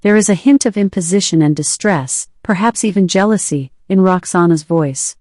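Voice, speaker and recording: A woman reading a short story aloud in a measured, even way. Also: fairly low pitch, no room sound, studio quality. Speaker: reader.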